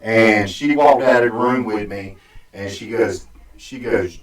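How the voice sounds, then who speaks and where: A man hosting a podcast, telling a story in a rambling, halting way, full of restarts and fillers. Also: lowish voice. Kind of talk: casual storytelling. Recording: echoey room, distant mic.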